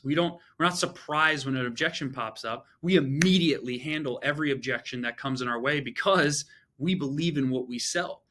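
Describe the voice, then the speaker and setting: A man's voice: mid-range voice, pushed and bright. A man giving a sales training talk as a coach, emphatic and punchy, often checking in with "right?" and "okay?". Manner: acts out short sales lines while teaching.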